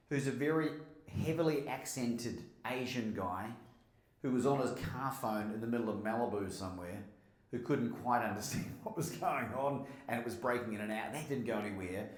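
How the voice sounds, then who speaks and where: A man's voice: medium pitch, roomy sound. A man with an Australian accent, a speaker and podcaster, telling anecdotes to a live audience. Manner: lively anecdotal storytelling, quotes others. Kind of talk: storytelling talk to a live audience.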